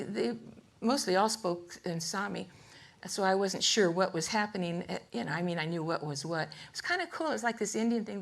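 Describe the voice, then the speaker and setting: Older lady w/ a creaky voice, mid-pitched, telling rambling funny stories at a museum talk. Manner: chatty, laughs often, self-interrupting. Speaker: artist giving a lecture. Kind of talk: rambling humorous storytelling talk. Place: museum lecture room with a live audience.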